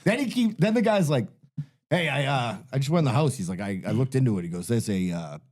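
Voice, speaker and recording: A man's voice: mid-range voice, expressive, fast talker, darkish tone. A man telling a long, profane, rambling story as a podcast guest.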